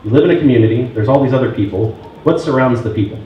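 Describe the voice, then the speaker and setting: A man's voice: mid-range voice, racing. A man giving a talk at a real estate sales meeting, telling stories and acting out both sides of phone calls. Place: meeting room. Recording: very echoey room, distant, dull and muffled, faint noise.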